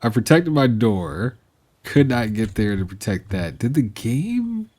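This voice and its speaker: A man's voice: mid-range voice, sing-song, unhurried, warm tone. A man streaming live gameplay, chatting to his viewers and scolding the animals in the game, laughing and exasperated.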